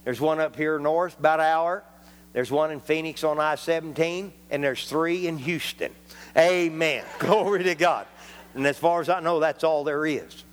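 A traveling preacher with a slightly high voice delivers a folksy, joking sermon at a moderate pace, dropping in amens often. The sound carries the feel of a big church room.

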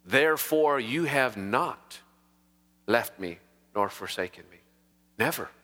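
A man's voice: medium pitch, animated, slow, pushed and bright, in a large hall. A man preaching as a pastor, emphatic and given to repeating words for stress. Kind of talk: sermon.

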